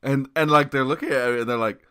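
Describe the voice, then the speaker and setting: A man's voice: mid-range voice, fairly even intonation, quick pace, sharp tone, clean tone. A man, a musician guest, telling a story with lots of energy, acting out the people in it and breaking into shrieks and laughter. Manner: acts out quotes, jumps to shrieks and laughs. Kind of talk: animated storytelling.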